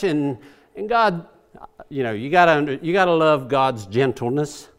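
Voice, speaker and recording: Impassioned high-voiced male preacher. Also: lively intonation, moderate pace, pauses often. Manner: impassioned, praying aloud as he paraphrases scripture. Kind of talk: sermon.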